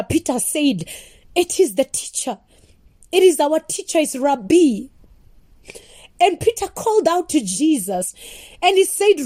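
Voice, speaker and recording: A woman's voice: high voice, warm tone, no room sound. A woman explaining her gospel song as impassioned devotional teaching, earnest and repetitive with preacher-like emphasis.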